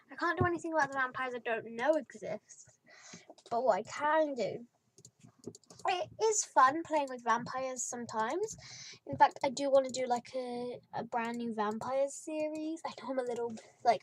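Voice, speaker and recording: A young British woman giving rambling, chatty commentary over her video game, filling gaps with "like" and trailing into whispers. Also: a little high. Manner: rambling, chatty, lots of "like" fillers. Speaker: gaming YouTuber. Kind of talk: casual let's-play commentary.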